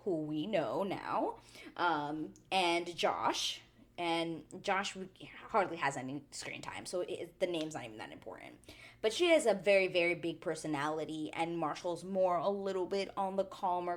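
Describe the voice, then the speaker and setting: A woman hosting a chatty reality show recap, animated and quick to act out the people she talks about. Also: on the low side. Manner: animated, chatty, drops into quoted voices. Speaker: TV recap vlogger.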